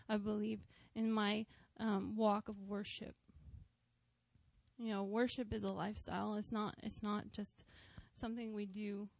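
A woman's voice: medium pitch, gravelly, a little mellow, no room sound. A woman, a worship leader and mother, giving an earnest personal testimony to a church, with frequent "you know" asides. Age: adult, a mother of school-age kids.

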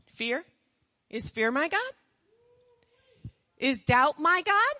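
Impassioned high-voiced woman preaching. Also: very animated, slow pace, big-room sound. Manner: impassioned, rhetorical questions, swings from hushed to shouting. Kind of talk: sermon.

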